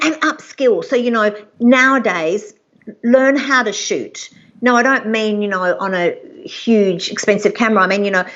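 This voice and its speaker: Woman producer, lively and chatty, slightly muffled lo-fi sound. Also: mid-range voice. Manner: chatty, animated, acts out quoted people. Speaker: executive producer, guest. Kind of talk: casual live interview.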